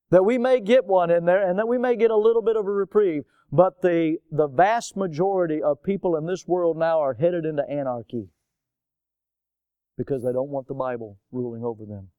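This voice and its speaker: A man's voice: high-pitched, mellow, no echo, lo-fi sound. A man preaching a sermon with a rising and falling cadence and frequent rhetorical questions. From United States. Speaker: pastor.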